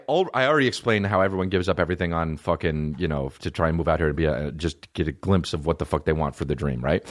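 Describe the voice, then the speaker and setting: A man in his thirties, a podcast host and comedian, telling a comic story in an excitable, profane way. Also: low-pitched.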